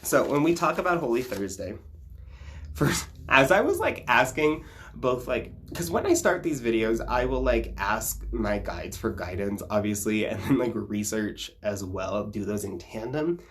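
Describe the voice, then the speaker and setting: A man's voice: medium pitch, very animated, measured pace, fairly bright tone, a little hiss or hum. Irreverent, swearing man teaching casually. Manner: irreverent, profane, laughs often, many fillers. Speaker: folk magic vlogger. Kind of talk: casual spiritual teaching vlog.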